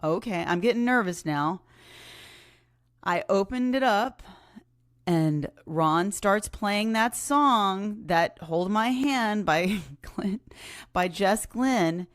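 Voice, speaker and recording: A woman hosting a podcast, telling a personal story in a chatty, animated way, often laughing and acting out what people said. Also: medium pitch, slow, no echo, clean studio sound. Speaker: podcast host. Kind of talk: casual storytelling.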